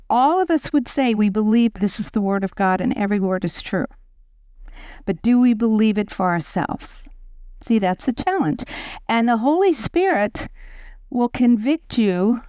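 An older woman teaching a Bible study, telling personal stories in an earnest way with soft chuckles. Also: medium pitch, clear, resonant tone, no room sound.

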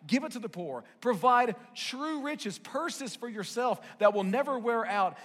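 A man preaching a sermon as a pastor, swinging between loud emphatic lines and hushed quiet ones. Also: high-pitched, in a large hall. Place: church sanctuary.

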